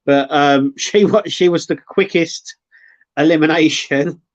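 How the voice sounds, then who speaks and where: A man's voice: on the high side, unhurried. Agreeable man on a dull-sounding podcast. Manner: agreeable, chips in with short yeahs. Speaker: podcast co-host. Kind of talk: casual wrestling chat.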